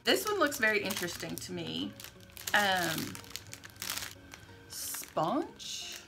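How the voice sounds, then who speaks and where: A middle-aged woman co-hosting a casual tasting vlog with her daughter, upbeat and quick to sound delighted. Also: mid-range voice, huge pitch swings, creaky, over music, low-quality recording. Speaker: vlog co-host, mother. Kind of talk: casual chat.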